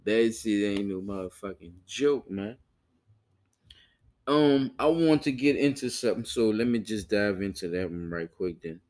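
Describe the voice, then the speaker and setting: A man's voice: fairly low pitch, expressive, unhurried, darkish tone. A man hosting a podcast in loose, profane casual chat, often repeating himself to listeners. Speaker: podcast host.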